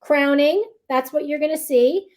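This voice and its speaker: A middle-aged childbirth educator with a high voice takes expectant parents through the stages of labor in an unhurried, chatty, reassuring manner, often checking in with "right?" Her casual instructional talk includes a demonstration in which she acts out what the midwives and nurses in the room would say.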